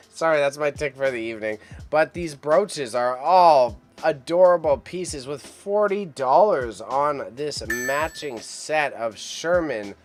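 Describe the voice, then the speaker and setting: A man's voice: fairly high pitch, expressive, slow, hardly any pauses, faint music behind. A man hosting a live-stream auction reaction in casual, upbeat commentary, chatting to his viewers and his cat.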